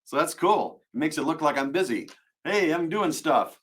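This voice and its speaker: Signing autographs during a live stream, this voice actor keeps up light, joking chatter and pokes fun at himself. His voice is slightly high, expressive and fairly bright, at a normal speed.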